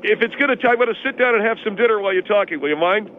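A man's voice: high voice, racing, slight background noise, pitched above the performer's own voice, natural voice. A man voicing an arrogant, boastful restaurant owner who talks about himself in the third person, heard over a tinny phone line. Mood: taunting. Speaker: show guest.

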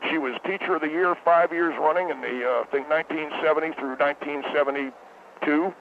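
A man calling in to a radio show, nervous and stammering, halting between words. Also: a little high, fairly even intonation, gravelly. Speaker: caller. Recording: tinny phone line with faint hiss.

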